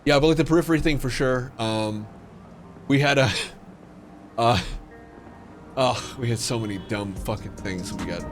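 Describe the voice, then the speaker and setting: A man's voice: medium pitch, measured pace, pauses often, faint music behind. A man hosting a livestream, telling a story in a loose, casual way. He swears freely and fills his talk with fillers and restarts. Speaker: livestream gamer host.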